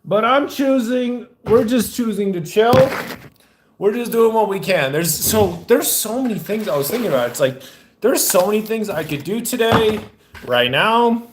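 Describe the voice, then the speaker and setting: High-voiced young man vlogging from his kitchen. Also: expressive, normal speed, noisy background. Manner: loose, rambling, talks while fixing food. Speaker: faith vlogger. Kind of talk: casual vlog chat. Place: home kitchen. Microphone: phone held in one hand.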